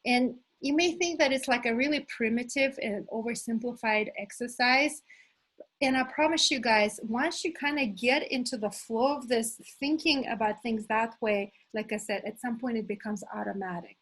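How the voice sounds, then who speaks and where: A middle-aged woman leading a live motivational workshop as a coach, enthusiastic and animated, talking to her listeners as "you guys". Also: fairly high pitch, moderate pace, slightly rough, poor audio. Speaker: manifestation coach hosting an online challenge.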